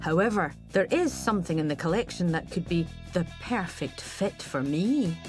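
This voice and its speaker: Woman, Glaswegian accent, scripted narration, wry, lively pitch, music bed. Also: moderate pace. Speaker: TV presenter.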